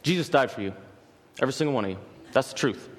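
A man's voice: mid-range voice, lively intonation, quick pace. A man preaching a sermon in earnest, emphatic, repeating key phrases as he builds his points. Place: church sanctuary. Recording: long hall reverb.

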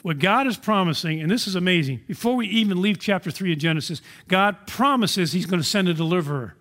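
A man's voice: sits high, expressive, fast, fairly bright tone. A man preaching a sermon as a pastor, earnest and full of rhetorical questions.

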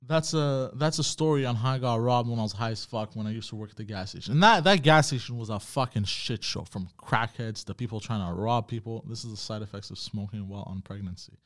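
A man's voice: on the low side, fairly quick, hardly any pauses. A young man talks on his own podcast in a loose, casual way, swearing freely as he tells stories. He reacts to viewer comments as he goes. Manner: profane, animated storyteller reading chat comments. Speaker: podcast host. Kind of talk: casual solo podcast storytelling.

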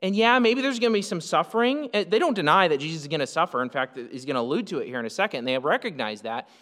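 Conversational preacher in a reverberant hall. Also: male voice, fairly high pitch, lively intonation, fast, fairly bright tone. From United States. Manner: conversational, with fillers and asides. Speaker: pastor. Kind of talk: sermon.

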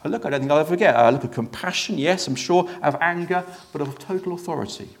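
A man's voice: on the high side, fast talker, lightly acted. A man playing an ordinary congregation member, telling in the first person how an unusual preacher amazed him, in a chatty storyteller manner with hesitant restarts. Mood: storytelling. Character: ordinary man in the congregation, a jaded sermon-dozer left amazed. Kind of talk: first-person dramatic monologue in a sermon.

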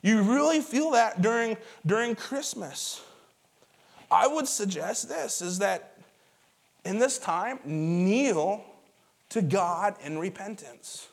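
Pastor, male, high-pitched, conversational sermon delivery, animated storyteller repeating words for emphasis. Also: takes it slowly, vocal fry. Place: church auditorium before a congregation.

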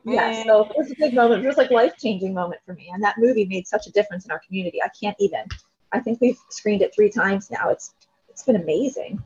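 A woman in her thirties, a guest telling a candid personal story in an interview, self-deprecating and animated when quoting others. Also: medium pitch, fast, husky. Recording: dull lo-fi sound.

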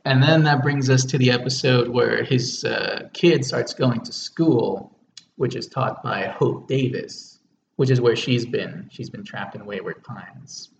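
A man's voice: mid-range voice, unhurried, creaky. A man co-hosting a casual movie podcast, laid-back and dry, recapping plots with many fillers. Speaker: podcast co-host. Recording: echoey distant lo-fi room mic with faint hiss.

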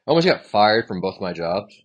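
On his solo podcast, a young male host rambles through a stream-of-consciousness monologue, venting about his jobs with profanity and frustration. His voice is fairly low and sing-song, a little fast, on lo-fi sound.

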